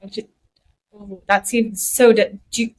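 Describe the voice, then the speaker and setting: A woman's voice: medium pitch, little pitch movement, a little slow, darkish tone, poor audio. Podcast co-host, woman, casual, reflective, thinks aloud. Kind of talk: casual chat.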